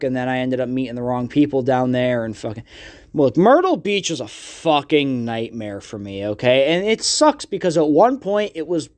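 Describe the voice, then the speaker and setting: A man's voice: mid-range voice, big pitch swings, moderate pace, darkish tone. A young man hosting a podcast, ranting in a casual, profane monologue full of fillers. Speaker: podcast host.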